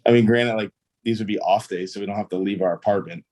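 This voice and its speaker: Low-voiced laid-back young man. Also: quick pace, darkish tone. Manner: easygoing, rambling, heavy use of fillers. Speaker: guest, pro baseball player. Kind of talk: casual interview storytelling.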